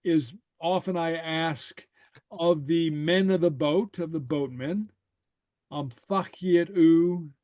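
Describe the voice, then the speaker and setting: A man's voice: fairly high pitch, takes it slowly, darkish tone, dry recording. A man teaching a language class, patiently saying phrases and translating them line by line. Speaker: Gaelic teacher.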